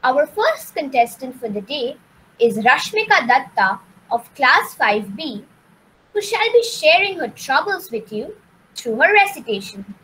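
A woman's voice: high-pitched, a little slow, low-quality recording. A woman with an Indian English accent hosting a school poetry event online, announcing contestants formally. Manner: warm formal announcing with lively intonation. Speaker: event host introducing contestants.

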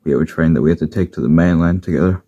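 A man's voice: a bass voice, very fast, mellow, husky, dry recording. A man voicing a caring male train engine who speaks plainly. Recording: dull lo-fi recording.

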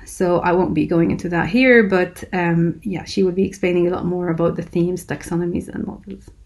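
A university lecturer with a lowish voice and darkish tone explains a research method in a recorded lecture. She speaks hesitantly, with many fillers and restarts.

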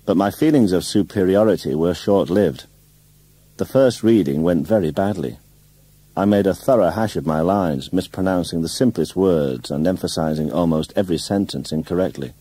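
A man narrating a literary novel in the first person, in a measured, wry way. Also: low-pitched, mellow, husky, no echo. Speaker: audiobook narrator.

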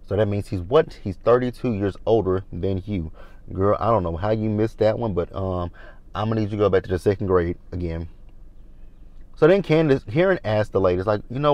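A man from the South talks through a reality TV episode in a casual, gossipy way. He is blunt and shady, and he slips into quoted voices of the cast. His voice sits on the low side, and the recording is close and dry with no room sound. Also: animated, normal speed, no echo. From American South. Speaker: reality TV recap vlogger.

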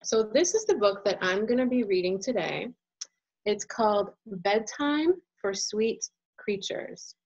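A woman reads a children's storybook aloud in an unhurried, gently expressive way. Her voice swings up and down with lively melody. The recording sounds a little dull and lo-fi. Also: medium pitch. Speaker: picture book illustrator reading aloud.

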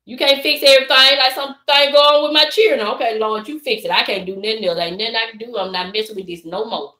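A middle-aged woman with a Southern accent, chatting live and preaching to her viewers in a lively, direct way. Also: fairly high pitch, quick pace, echoey room. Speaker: vlogger. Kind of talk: casual live-stream chat.

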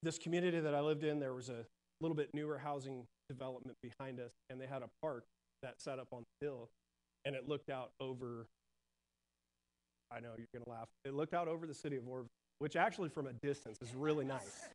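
A man sharing a personal testimony at a church service, earnest and halting, with many restarts and fillers. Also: medium pitch, fairly even intonation, a little mellow, low-quality recording.

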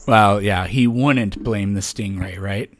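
A man's voice: on the low side, takes it slowly. A man in a casual debate chat, joking around and hesitating with fillers.

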